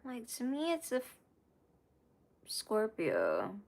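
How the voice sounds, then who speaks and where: A woman's voice: a little high, huge pitch swings, takes it slowly, vocal fry, darkish tone. A young adult woman giving a casual, rambling tarot reading, full of fillers and asides. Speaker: tarot reader.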